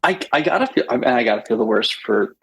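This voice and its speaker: Male podcast co-host, mid pitch, raspy fry, rambling enthusiasm. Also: expressive, fast, a bit bright, poor audio. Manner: enthusiastic, rambling, with many restarts. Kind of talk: casual chat.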